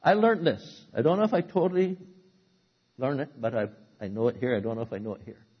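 A man preaching a sermon, who swings from loud, dramatic outbursts to low, hushed asides. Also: fairly quick, breathy edge, muffled recording.

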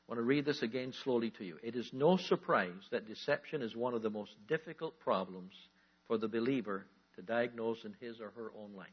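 A male pastor delivers a sermon in a husky, slightly rough voice of middle pitch. He leans on key words, slowing down for weight, then jumps up in energy. The sound is dull and lo-fi. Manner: emphatic preaching, slowing on key words and rising to animated outbursts. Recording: dull lo-fi recording.

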